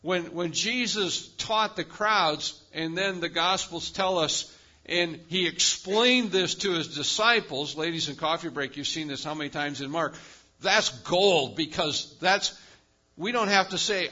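A man preaching a sermon with a bright, forceful voice, pitched a little high for a man. He lurches from loud, raised declarations to low, quiet asides. The recording sounds dull and lo-fi. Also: a little slow. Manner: emphatic, animated preaching with sudden rises and quiet drops. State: lives with chronic pain. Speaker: pastor.

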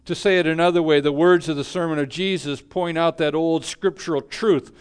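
A male pastor preaching a sermon in a measured way, letting his voice fall quiet at the ends of phrases. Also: on the high side, fairly even intonation, clear, resonant tone.

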